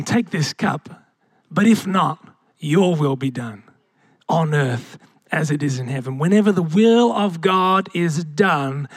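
High-voiced pastor preaching slowly. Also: male voice, no room sound, studio quality. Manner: preaching with rhetorical questions and calls to the congregation. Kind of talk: sermon.

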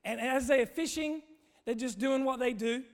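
A man preaching a sermon, telling a funny story in a relaxed, conversational way. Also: extremely high pitch, moderate pace. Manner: conversational, humorous, animated storytelling. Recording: long hall reverb.

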